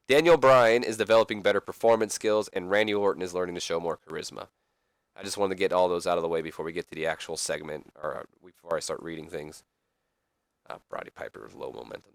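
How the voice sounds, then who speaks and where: A man's voice: on the low side, fairly bright tone, no echo, studio quality. A man hosting a gaming channel, giving casual, rambling game commentary and correcting himself as he talks to viewers.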